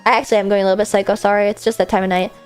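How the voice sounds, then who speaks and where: A young woman streaming late at night, reading fan questions aloud and answering in a chatty, self-deprecating way that slips into deadpan, tired and coming down from an energy drink. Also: mid-range voice, very fast, clear, resonant tone, soft background music. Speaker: VTuber streamer. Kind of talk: casual livestream Q&A, reading fan messages aloud.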